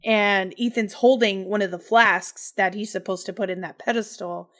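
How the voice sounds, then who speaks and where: A woman's voice: mid-range voice, steady tone, normal speed, fairly bright tone. A woman co-hosting a podcast, chatting casually and telling a game's story with lots of fillers and laughter. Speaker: podcast co-host. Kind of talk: casual chat recapping a game.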